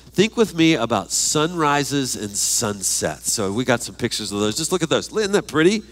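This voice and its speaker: An older man preaching a sermon as pastor, expressive and lively, asking many questions and reading scripture aloud. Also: medium pitch. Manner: reads scripture verses aloud.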